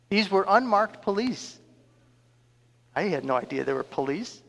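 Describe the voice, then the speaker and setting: Animated preacher man in an echoing hall. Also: sits high, measured pace, gravelly. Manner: animated, chuckling storyteller. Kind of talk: storytelling sermon. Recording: long reverb of a large hall.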